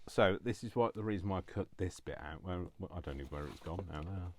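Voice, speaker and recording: A man's voice: low-pitched, a little fast, slight background noise. A man chatting casually to viewers while crafting, self-deprecating and talking to himself as he works. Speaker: crafting vlogger.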